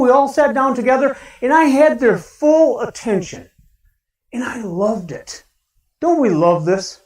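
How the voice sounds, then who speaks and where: Animated Midwestern pastor in an echoey church. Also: male voice, very high-pitched, measured pace. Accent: Midwestern American. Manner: animated, shouts a cheerful greeting, talks to the congregation with questions. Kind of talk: lively sermon. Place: church sanctuary. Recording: roomy church sound from a distance.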